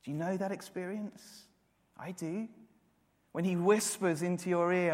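A man in his thirties preaches a sermon in an earnest, building way, repeating key words as he rises to emphatic peaks. His voice sits a little high for a man. The sound carries the long reverb of a church hall. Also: steady tone, unhurried, darkish tone.

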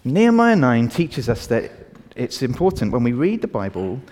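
With a medium-pitched voice and moderate pace, a man gives an animated all-age sermon in a reverberant church hall. He invites answers from the congregation and leads a prayer.

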